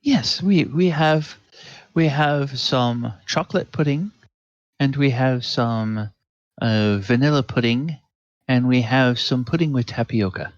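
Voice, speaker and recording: A man's voice: medium pitch, slow pace, dry recording, lo-fi sound, voice pushed up, close to an everyday voice. A man voicing a polite, flustered palace server who stammers out offers with fussy courtesy. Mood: eager to please.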